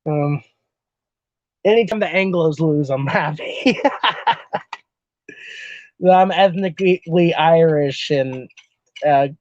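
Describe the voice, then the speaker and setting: A man from Texas with a fairly high voice talks loosely to his stream chat, swearing freely and breaking into laughs as he rambles from one comment to the next. The sound is dull and lo-fi, dry and close with no room around it. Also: slow, pauses often, a little mellow, dry recording. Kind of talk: casual live-stream chat.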